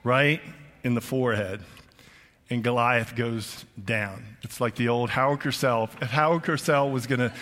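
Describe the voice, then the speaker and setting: A man's voice: mid-range voice, steady tone, normal speed, fairly bright tone. An older man preaching a conversational sermon as pastor, chatty and emphatic, often restarting his phrases. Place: church auditorium. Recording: long reverb of a large hall.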